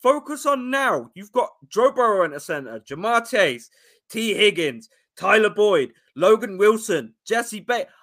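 A man's voice: high-pitched, sing-song, unhurried, a bit bright. A brash, profane man in casual sports talk, calling everyone "bro" as a co-host.

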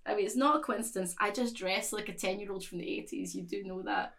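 A woman's voice: medium pitch, vocal fry, fairly bright tone. A woman in casual chat as a panel guest, laughing often as she talks and correcting herself mid-sentence. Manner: giggly, chatty, quick self-corrections.

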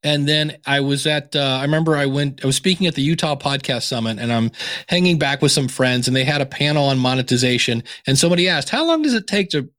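A man's voice: medium pitch, quick pace, no room sound. A man speaking as a podcasting guest and author in a casual interview, telling stories and acting out the other voices in his anecdotes. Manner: animated storyteller acting out quoted exchanges.

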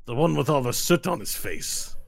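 Man doing a blustering mounted knight captain, loud and haughty, barking orders. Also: medium pitch, sing-song, normal speed, vocal fry, no room sound, voice pushed up, exaggerated voice. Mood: commanding. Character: pompous male knight captain on horseback.

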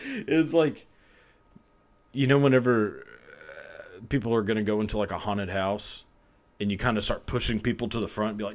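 A man's voice: on the low side, expressive, moderate pace, long pauses. A man telling a confessional story on his podcast in a casual, rambling way, swearing freely and laughing often. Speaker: podcast host.

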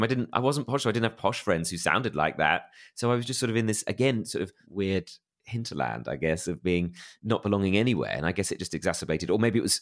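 As an interview guest, an Englishman with a low voice and a posh, plummy accent candidly recounts personal stories, self-deprecating and heavy on fillers and restarts.

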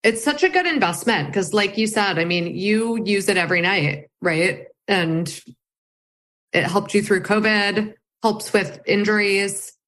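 A woman co-founder as a podcast guest, explaining in a relaxed, easygoing way with frequent fillers. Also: medium pitch, a little slow. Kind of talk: casual interview conversation.

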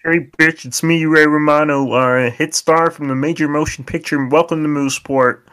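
A man's voice: fairly high pitch, steady tone, moderate pace, a bit bright, clean tone, close to an everyday voice. A man putting on a crude, mock-cheerful impression of a male comedy star. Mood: goofy.

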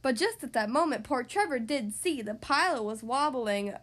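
A woman hosting a podcast and reading a picture book aloud to young kids, in a cheerful, expressive, sing-song manner. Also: on the high side, moderate pace, hardly any pauses. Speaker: podcast host and storybook reader.

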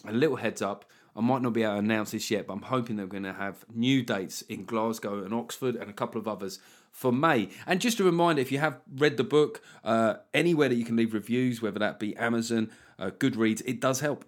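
Guy hosting his podcast, jokey sweary chat, mid pitch, does goofy voices now and then. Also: a little fast. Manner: joking, sweary, playful mock voices. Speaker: podcast host. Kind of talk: casual comedic chat.

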